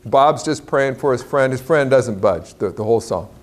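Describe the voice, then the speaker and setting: A man preaching to a large church crowd, telling a story with lively acted-out quotes and a lot of pitch jumps. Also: normal speed. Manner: animated storyteller, acts out quotes in a higher voice. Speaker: guest speaker. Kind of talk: sermon storytelling. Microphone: clip-on mic.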